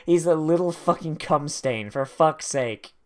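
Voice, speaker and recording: A man's voice: fairly high pitch, measured pace. A man giving profane, sarcastic watch-along commentary on an anime, mock-angry and swearing often. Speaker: anime reactor.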